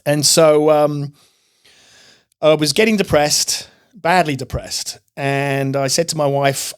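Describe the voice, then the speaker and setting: Man telling his story, fairly high voice. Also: takes it slowly, clear, resonant tone. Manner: earnest, animated storytelling with restarts. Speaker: podcast guest. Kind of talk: personal testimony storytelling. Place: podcast studio.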